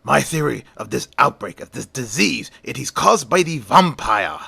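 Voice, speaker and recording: A man voicing a learned old male professor who hunts vampires, explaining things in a measured way. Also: medium pitch, lively intonation, creaky, pushed and bright, breathy edge, dry recording, heavily acted.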